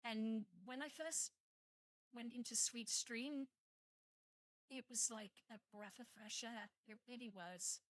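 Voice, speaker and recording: A woman's voice: a little high, slow pace, no echo, clean studio sound. A young British woman streaming live, rambling casually to her viewers and swearing at her computer. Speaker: VTuber streamer.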